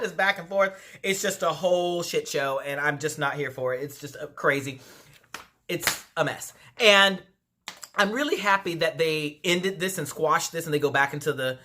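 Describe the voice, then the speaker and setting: A chatty vlogger gossips through a reality TV recap from home. The talk is full of asides and fillers. The voice sounds bright and tense, at a middling pitch. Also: moderate pace. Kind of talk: casual chatty commentary.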